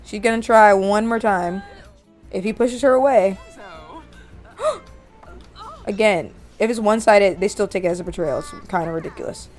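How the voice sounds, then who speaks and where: A woman's voice: medium pitch, moderate pace, pauses often, darkish tone, soft background music. Chatty woman narrating a life-sim game. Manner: chatty, amused, voices characters. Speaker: gameplay narrator. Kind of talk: casual let's-play narration.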